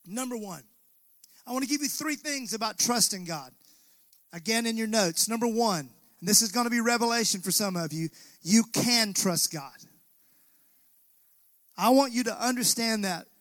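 In a church sanctuary, a pastor with a high-pitched, fairly bright voice preaches a sermon at normal speed with long pauses, calling out to the congregation and asking them to answer back. The recording is dry.

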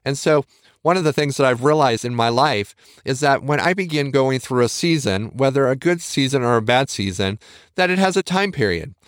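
A man's voice: medium pitch, expressive, moderate pace, no echo, clean studio sound. Earnest man coaching listeners. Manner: earnest, coaxing, rambling with many restarts. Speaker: motivational podcast host. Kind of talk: encouraging podcast talk.

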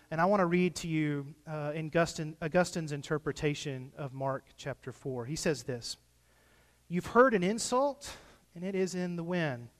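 A man preaching a sermon in a casual, conversational way, rising at times into impassioned pleas. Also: a little high. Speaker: pastor. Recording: long hall reverb.

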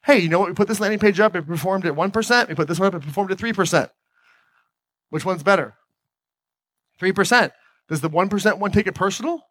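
An energetic man speaking from a stage, his voice sitting a little high for a man. He keeps turning to the audience with quick questions. The sound is dry, with almost no room around it. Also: no echo. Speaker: motivational speaker. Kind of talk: live motivational talk on stage.

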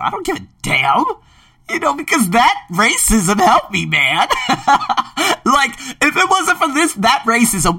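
A man's voice: sits high, pushed and bright, no echo, recorded from a distance. A man from Philadelphia, hosting a podcast in an emphatic, casual monologue that carries some swearing. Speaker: podcast host and ESL teacher.

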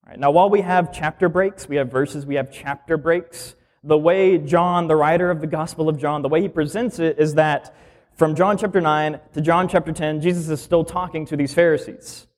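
A man's voice: fairly high pitch, fairly even intonation, moderate pace, a little mellow. A male minister giving a sermon in a conversational teaching style, explaining scripture plainly and asking the listeners questions.

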